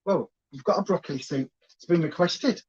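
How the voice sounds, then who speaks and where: A woman's voice: lowish voice, fairly quick, a little mellow, muffled recording, slight background noise. A woman co-hosting a home live stream, chatting casually and greeting viewers by name. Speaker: co-host of a weigh-in live stream.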